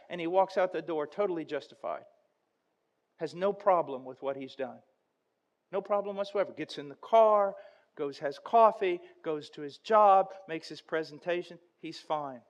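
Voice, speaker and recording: A man preaching a sermon, telling an illustration with impassioned intensity that swells toward near-shouting. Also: a little high, normal speed. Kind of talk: sermon with storytelling.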